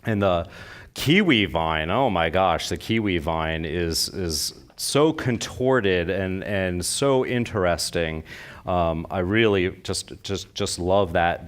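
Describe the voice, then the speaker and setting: A man giving a live floral design demonstration to an audience, chatty and enthusiastic, often asking them questions. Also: sits low. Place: convention stage before an audience.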